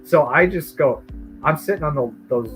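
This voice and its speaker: A middle-aged man telling a long personal story in casual chat, rambling, with animated acted quotes. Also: on the high side, moderate pace, rough recording. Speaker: artist streamer telling a story. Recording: music playing behind.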